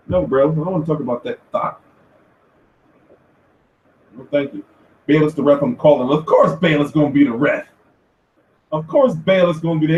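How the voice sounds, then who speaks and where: A man hosting a casual commentary show, talking in an animated, profane rant. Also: fairly high pitch, dull audio. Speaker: host. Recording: echoey room, far from mic.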